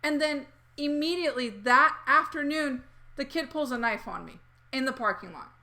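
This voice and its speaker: A woman's voice: high-pitched, normal speed, sharp tone. A woman in her thirties hosting a casual chat, telling a story animatedly with lots of fillers and acted-out quotes. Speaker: host.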